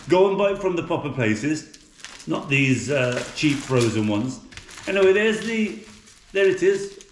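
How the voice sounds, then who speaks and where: A cooking vlogger from England, middle-aged with an English accent, chats loosely in a home kitchen, peppering his talk with fillers and restarts. His voice is on the high side, the space is reverberant, and a little hiss or hum sits underneath.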